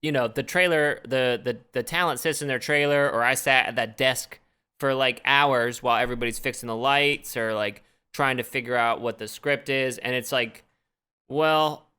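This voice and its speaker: A man's voice: mid-range voice, moderate pace, bright, forceful tone, smooth. A man co-hosting a podcast, talking casually and thoughtfully about his time on set. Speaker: podcast co-host. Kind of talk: casual chat.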